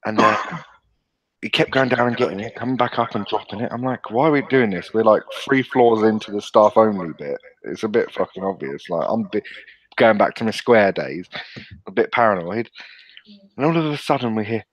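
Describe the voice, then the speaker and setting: A man's voice: on the low side, moderate pace, no room sound, rough recording. A man in his thirties telling sweary, laughing stories as a podcast host. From England. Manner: sweary, laughing, animated storyteller. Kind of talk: casual chat, storytelling.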